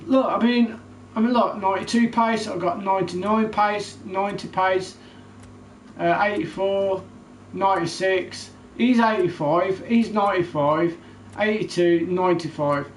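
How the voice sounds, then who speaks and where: A man ranting angrily to camera about a video game, loud and heated with heavy swearing. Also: high voice, unhurried. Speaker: gaming YouTuber. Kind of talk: angry gaming rant to camera. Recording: echoey room, faint background noise.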